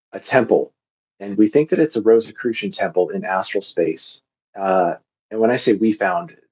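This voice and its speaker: A man's voice: on the low side, a little mellow, husky, highs cut off. A man who is a psychic guest, telling a long personal story in casual podcast conversation, earnest and rambling with frequent ums.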